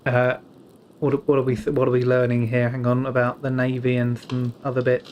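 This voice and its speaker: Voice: medium pitch, monotone, normal speed, dull audio, a little hiss or hum. Wry British streamer with casual asides. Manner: casual, wry asides, stumbles over names. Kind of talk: playing a story game and reading its dialogue aloud, with chatty asides.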